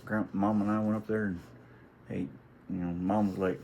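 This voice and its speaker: A man's voice: fairly low pitch, flat delivery, moderate pace, long pauses, dark tone, a little hiss or hum, rough recording. A middle-aged man telling a family story in a casual, rambling, folksy way, restarting often and swearing now and then. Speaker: vlogger.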